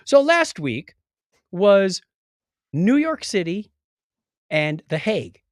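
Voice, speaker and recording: Animated man co-hosting a podcast. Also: high voice, slow pace, no room sound, clean studio sound. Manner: animated, jokey, bursts of loud exclamation. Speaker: podcast co-host. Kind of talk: casual chat.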